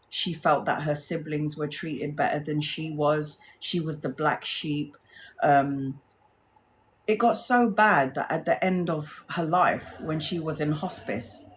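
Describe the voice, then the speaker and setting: A woman's voice: lowish voice, a bit bright. A woman hosting a live tarot stream, talking to her viewers in an earnest, blunt and emotional way and swearing freely. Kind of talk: heartfelt casual live-stream chat.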